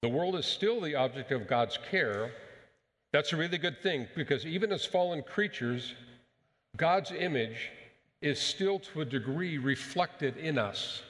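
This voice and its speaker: A man's voice: fairly high pitch, expressive, fairly bright tone. Man preaching in a reverberant hall. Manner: emphatic, measured preaching with rhetorical questions. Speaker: pastor. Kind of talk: sermon.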